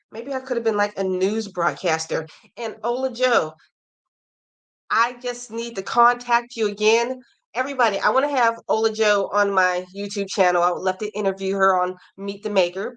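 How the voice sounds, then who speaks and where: An American woman in her forties hosts a relaxed livestream from home. She chats easily with her viewers and drifts off on tangents, her voice sitting in a middle pitch. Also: measured pace, long pauses. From United States. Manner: chatty, goes off on tangents. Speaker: livestream host. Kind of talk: casual livestream chat. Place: home with a Christmas tree.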